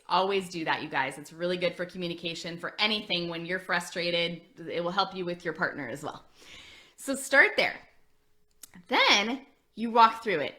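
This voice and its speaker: A woman in her forties, an admissions coach, giving chatty, animated advice to parents. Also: fairly low pitch, moderate pace. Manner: chatty, animated, addresses listeners as friends.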